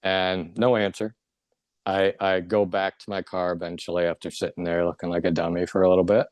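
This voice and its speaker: A man's voice: low voice, level tone, fairly quick, a little mellow, dry recording. A middle-aged man earnestly recounting a personal spiritual experience as an interview guest. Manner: earnest, emotional storytelling. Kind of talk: personal testimony.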